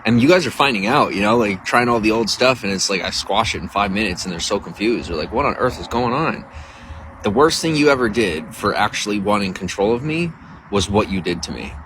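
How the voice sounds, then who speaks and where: A man's voice: fairly low pitch, expressive, a little fast, background noise. A man casually chatting to viewers on a livestream outdoors, rambling and reading out chat messages. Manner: rambling, talks to viewers, reads chat aloud. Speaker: livestream host. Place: outdoors near a coffee shop.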